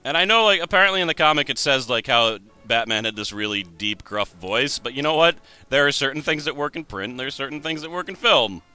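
A man's voice: medium pitch, animated, a little fast, hardly any pauses, bright, forceful tone, clean tone, dry recording. A man in his twenties giving wry gameplay commentary. He thinks aloud and jokes at his own expense. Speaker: let's play host.

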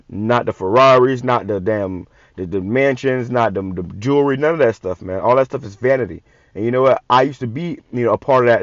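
A man preaching from scripture, reading verses slowly and then commenting in blunt, profane street talk with many repeated words. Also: mid-range voice, dry recording, lo-fi sound. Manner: reads verses slowly and louder. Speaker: online preacher.

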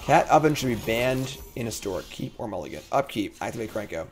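A man streaming a card game, thinking aloud through his plays and breaking into excited outbursts as he talks to chat. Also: medium pitch, fast, slight background noise. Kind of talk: casual gameplay commentary.

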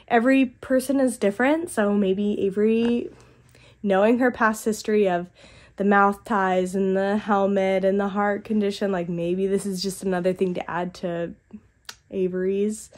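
A young woman with a stuffy head cold, chatting casually to her vlog audience from a quiet house and rambling as she thinks aloud. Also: medium pitch. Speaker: vlogger and mother. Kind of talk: casual vlog talk to camera.

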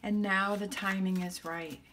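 A woman's voice: mid-range voice, steady tone, measured pace, a bit bright, slight background noise. A woman giving a tarot reading to her viewers, thinking aloud in a reassuring way and often checking in with "okay?". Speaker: tarot reader.

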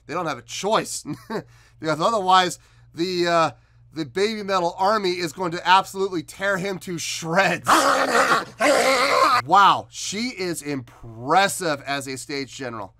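A man hosting a music reaction video, excitedly commenting and explaining what he hears. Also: sits high, unhurried, no echo. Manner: animated, exclaiming, explaining guitar technique.

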